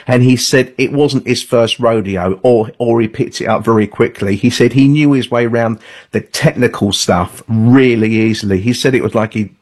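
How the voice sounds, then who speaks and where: A man's voice: mid-range voice, normal speed, a little mellow. A man, an author guesting on a call-in radio show, telling stories in an earnest, anecdotal way.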